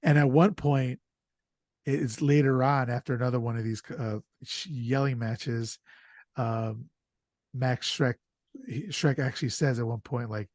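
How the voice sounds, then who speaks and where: A man hosting a podcast, retelling scenes in an excitable, casual way with swearing and lots of fillers. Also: mid-range voice, a little slow, no echo, clean studio sound. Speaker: podcast host. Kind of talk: casual chat.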